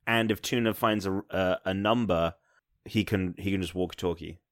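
Lowish halting player thinking out loud, a man, dry close sound. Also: no echo. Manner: halting, plans aloud.

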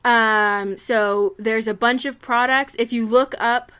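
Young woman co-host, bright and smooth voice, chatty and rambling. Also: a little high, steady tone, slow. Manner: chatty, rambling with many fillers. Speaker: podcast co-host. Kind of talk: casual chat.

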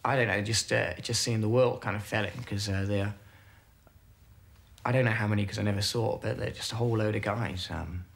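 Gravelly, husky man, halting. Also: fairly low pitch, fairly even intonation. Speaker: interviewee recalling captivity. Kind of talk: halting personal testimony.

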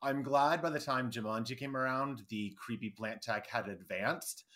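A man's voice: mid-range voice, normal speed, fairly bright tone. A man co-hosting a podcast, rambling in a laid-back way and laughing often. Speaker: podcast co-host. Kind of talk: casual recap chat.

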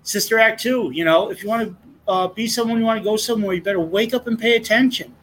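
A man's voice: high voice, fast, fairly bright tone, a little hiss or hum, low-quality recording. A middle-aged man, a guest sharing his testimony in an earnest, impassioned, rambling way. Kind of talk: casual conversation.

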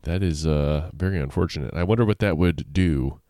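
A man co-hosting a casual podcast, reacting with playful jokes and quick remarks. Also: extremely low pitch, warm tone, no echo, clean studio sound. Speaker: podcast co-host. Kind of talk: casual chat.

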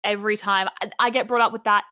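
A young Australian woman trading stories on a podcast. Her voice is bright and mid-pitched, and she keeps a dry, wry tone in her asides. The sound is close and dry, with no room echo. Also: steady tone, fast. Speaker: podcast co-host. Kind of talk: casual chat.

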